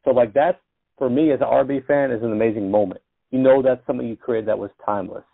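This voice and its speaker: Gravelly podcast co-host on a phone line. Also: male voice, mid-range voice. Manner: enthusiastic, quick affirmations. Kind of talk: casual interview. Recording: phone-like narrow sound.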